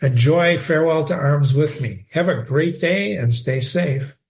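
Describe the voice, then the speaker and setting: A man's voice: on the high side, a little slow. A man hosting a reading show, explaining a novel in a conversational teaching manner, with rhetorical questions and repeated words. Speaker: host and reader.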